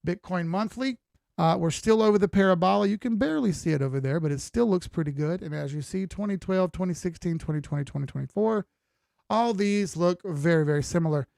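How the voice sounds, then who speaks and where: This man sounds tired and keeps yawning as he talks through crypto charts on a live stream, loose and folksy, often repeating himself. His voice is high and darkish with vocal fry, and fairly quick. The recording is dry and clean, studio-style.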